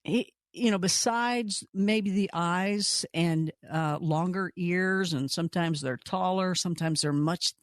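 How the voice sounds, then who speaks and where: A woman hosting a radio talk show, telling stories in a lively, conversational way with pitch that jumps up when she stresses a point. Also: slow pace, hardly any pauses, no echo, clean studio sound.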